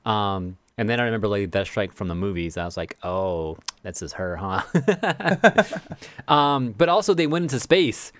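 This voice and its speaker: A man's voice: on the low side, animated, moderate pace, clear, resonant tone. A man co-hosting a casual podcast, rambling through stories, laughing often and swearing freely. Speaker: podcast co-host. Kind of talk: casual chat.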